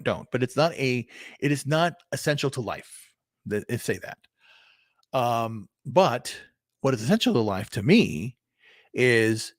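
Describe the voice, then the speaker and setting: A man's voice: mid-range voice, dry recording, clean studio sound. A man in his fifties doing a solo livestream, thinking aloud in a meandering way with many restarts, repeated words and casual swearing. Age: 50s. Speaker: vlogger. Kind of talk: rambling solo livestream talk.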